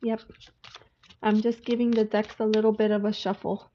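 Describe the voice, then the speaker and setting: This livestream tarot reader has a somewhat high, mellow voice and an unhurried, fairly even delivery. Chatty and casual, she does card readings and welcomes viewers by name over dull lo-fi sound with faint hiss.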